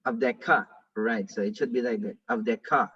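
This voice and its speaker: A man's voice: mid-range voice, fairly even intonation, a little fast, fairly bright tone, slightly rough. A man, a pastor, teaching a Hebrew reading class and patiently drilling pronunciation with repeated examples, heard on a distant, dull classroom recording. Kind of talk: classroom lesson.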